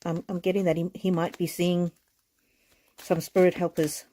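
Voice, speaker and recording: Female card reader on a live stream; mellow, heartfelt, slightly tearful delivery. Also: fairly low pitch, little pitch movement, moderate pace. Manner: gentle, repetitive, heartfelt.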